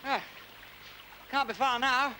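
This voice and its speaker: An actor playing a breezy lord and gentleman detective, with a clipped, jaunty aristocratic manner, in a 1970s TV crime drama. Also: very high voice, fairly even intonation, takes it slowly, heavily acted. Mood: breezy commanding. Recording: 1970s TV film sound, light hiss.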